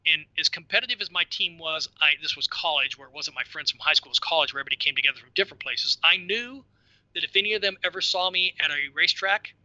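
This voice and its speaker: A middle-aged man telling stories as a podcast guest, lively and self-deprecating, often laughing at himself. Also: a little high, fast, no echo, muffled recording. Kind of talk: casual storytelling.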